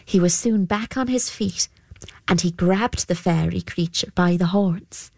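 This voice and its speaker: A woman narrating an old folk tale in a measured storybook manner. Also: lowish voice, vocal fry, dark tone, dry recording.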